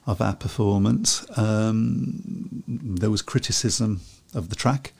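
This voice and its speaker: A man's voice: fairly low pitch, slow, gravelly, darkish tone, husky. A man hosting a casual speedway chat show, chatty and chuckling between his points. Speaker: host.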